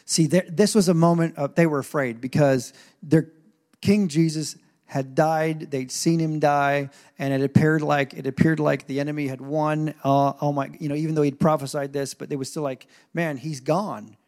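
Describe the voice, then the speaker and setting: Man, pastor, sermon, animated preaching, slightly high voice. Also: normal speed. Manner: animated, preaching with rising intensity and asides. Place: church stage.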